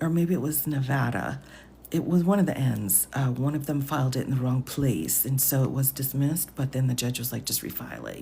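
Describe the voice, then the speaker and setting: A woman legal commentator talking softly, half-whispering in an ASMR-style voice at home at night during a live stream. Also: rumbling low, gravelly, a little hiss or hum. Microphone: phone.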